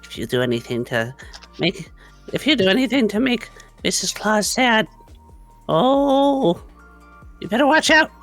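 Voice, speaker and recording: Man doing a small squeaky creature, high singsong warning, playful menace. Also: sing-song, unhurried, pauses often, a bit bright, faint music behind, full character voice. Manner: singsong mock threat, whispered message.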